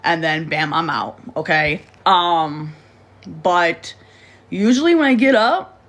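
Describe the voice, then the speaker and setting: A woman's voice: fairly low pitch, lively intonation, slow pace, a bit bright. A young woman talking casually to her livestream viewers, rambling and restarting sentences, blunt and swearing freely. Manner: rambling, repeats words and restarts often.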